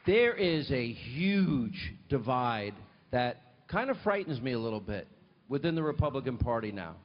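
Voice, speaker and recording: A TV host conducting a live televised interview speaks in a mid-range, very animated voice at a moderate pace, asking long, emphatic questions with frequent restarts. The live mic sounds muffled, with hall reverb and slight background noise.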